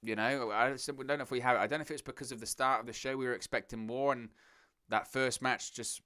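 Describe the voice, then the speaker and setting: A man's voice: medium pitch, fairly even intonation, fast talker, sharp tone, clean tone. A man hosting a live watch-along stream, chatting casually, thinking aloud and talking to his viewers. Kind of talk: live watch-along commentary, reading chat.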